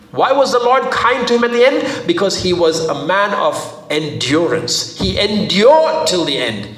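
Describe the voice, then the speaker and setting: A man preaching a sermon, playful and animated, acting out little voices. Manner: animated, playful, acts out voices with sudden high and low swings. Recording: echoey hall.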